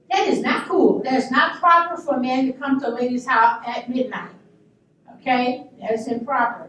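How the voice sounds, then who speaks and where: Woman, 60s, lively high-pitched storyteller at a luncheon, heard from a distance in a reverberant room. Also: a little hiss or hum. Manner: animated, emphatic, laughing asides. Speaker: panel guest. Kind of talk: anecdotal storytelling. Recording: echoey room, speaker far from mic.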